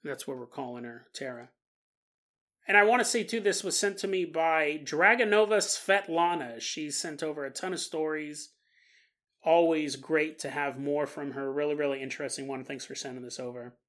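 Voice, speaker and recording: A woman's voice: sits low, moderate pace, a bit bright. A woman co-hosting a podcast, telling a story in a chatty way with joking asides. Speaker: podcast co-host. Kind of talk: casual storytelling.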